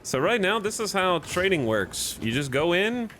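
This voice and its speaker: A man's voice: high voice, big pitch swings, normal speed, fairly bright tone, a little hiss or hum. A man streaming a video game, chatting casually with viewers in a rambling, jokey way and restarting his sentences often. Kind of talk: casual live-stream chat.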